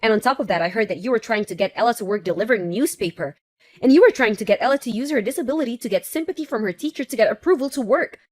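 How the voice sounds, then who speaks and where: A woman's voice: a little high, lively intonation, rapid-fire, darkish tone. A woman voicing a firm, indignant fiancée. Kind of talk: text-message story narration.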